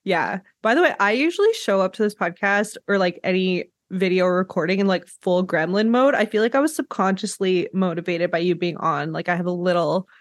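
A woman's voice: on the low side, fairly quick, hardly any pauses, no echo, studio quality. A woman hosting a podcast, talking casually with lots of fillers over a video call. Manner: breezy, filler-heavy talk with laughs. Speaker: podcast host. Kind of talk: casual chat.

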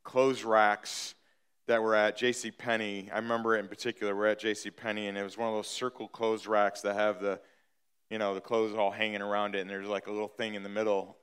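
A man's voice: on the low side, level tone, brisk, fairly bright tone, clean tone. A middle-aged man preaching a sermon, telling a personal story in a conversational way with many fillers and restarts, building to emphatic points. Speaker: pastor.

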